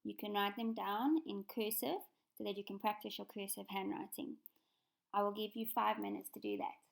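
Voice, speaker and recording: A woman teaching a remote lesson to young children in a patient, clear instructional tone. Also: mid-range voice, animated, moderate pace. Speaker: primary school teacher.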